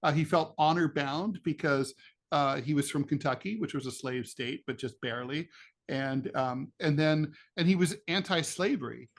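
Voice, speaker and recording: A man's voice: a little high, moderate pace. A middle-aged man co-hosting a political podcast, telling rambling stories with jokey asides in casual chat. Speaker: podcast co-host, political cartoonist.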